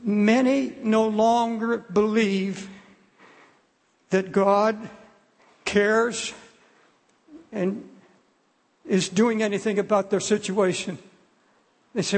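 A man's voice: sits high, fairly even intonation, drawn-out words, long pauses. An older man preaching a sermon in an earnest, pleading way, often restarting his phrases. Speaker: pastor. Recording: long hall reverb.

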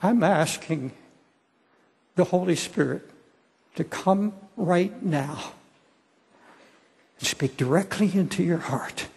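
Slow, gravelly older male preacher. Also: high-pitched, darkish tone, big-room sound. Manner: slow, pleading, repeats words. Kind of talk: sermon with altar call.

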